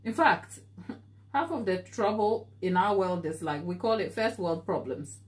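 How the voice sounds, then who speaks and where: A woman's voice: lowish voice, animated, measured pace. Encouraging woman chatting on a live stream. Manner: earnest, encouraging, laughs easily; reads and answers viewer comments. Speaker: baking show host. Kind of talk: live-stream chat while baking.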